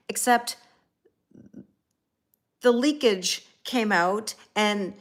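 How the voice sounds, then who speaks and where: Her voice sits at a medium pitch with a fairly bright tone as she runs a relaxed live stream, meandering through a tale. She laughs at her own expense and greets people in chat by name. Off-stream she's a schoolteacher, and on it she's a host and tarot reader.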